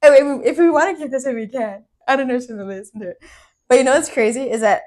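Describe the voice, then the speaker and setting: A woman's voice: on the high side, fast, a little mellow. A young woman co-hosting a podcast, telling a personal story in casual chat, candid and swearing, with lots of "like" fillers. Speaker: podcast co-host.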